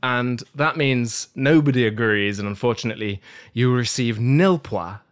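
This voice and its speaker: A man's voice: mid-range voice, moderate pace. A man hosting a podcast game show in a playful, jokey way. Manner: playful, jokey, self-mocking.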